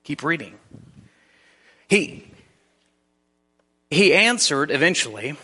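A man's voice: fairly high pitch, sing-song, slow, bright, forceful tone, slightly rough, long reverb tail. A man preaching a sermon in a conversational way, often restarting his sentences. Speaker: pastor.

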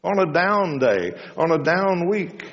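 A man preaching a sermon in a folksy storytelling way, his voice rising high when he quotes people. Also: sing-song, slow pace. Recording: dull lo-fi sound in a reverberant hall.

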